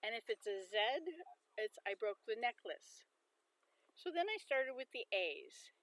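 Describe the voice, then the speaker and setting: A woman's voice: medium pitch, big pitch swings, measured pace, a bit bright, no room sound, poor audio. A woman hosting a casual livestream, chatting and musing aloud as she sounds out words. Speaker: livestream host.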